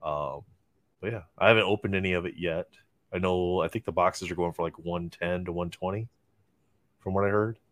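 A man's voice: low-pitched, a little fast, dry recording. A man co-hosting a podcast, explaining things in a laid-back way with lots of fillers. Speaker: podcast co-host. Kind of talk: casual chat.

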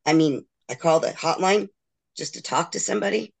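A woman's voice: low voice, animated, fairly quick, creaky, breathy edge. Middle-aged woman guest, candid and emotional, acts out others' words as she tells her story. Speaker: interview guest.

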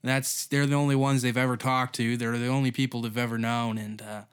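A man's voice: mid-range voice, little pitch movement, a little fast, clean tone. A man hosting a solo comedy podcast, rambling and swearing in an offhand way, often trailing off. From Canada. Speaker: podcast host.

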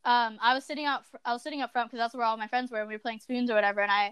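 A woman's voice: fairly high pitch, steady tone, very fast, a bit bright, smooth, dry recording. A teenage girl co-hosting a podcast, chatting casually and talking a lot with many fillers. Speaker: podcast co-host. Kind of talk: casual chat.

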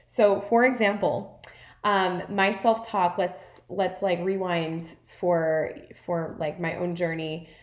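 A woman's voice: on the low side, little pitch movement, takes it slowly. A woman hosting her podcast as a wellness coach, talking in a casual, earnest, encouraging way, with many "like"s and "right?" tags. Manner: chatty, filler-heavy, with frequent "like" and "right?" tags. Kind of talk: casual reflective monologue. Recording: roomy echo.

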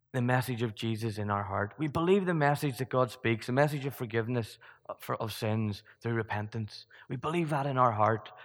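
A man delivers a sermon in a church, his voice at an everyday middle pitch. He preaches in a loose, conversational way, firing rhetorical questions at the congregation and often restarting mid-sentence. A long hall reverb trails behind each phrase.

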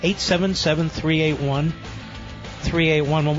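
A man's voice: on the high side, steady tone, normal speed, soft background music. A man hosting a political talk radio show, speaking emphatically and combatively. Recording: dull, muffled broadcast sound.

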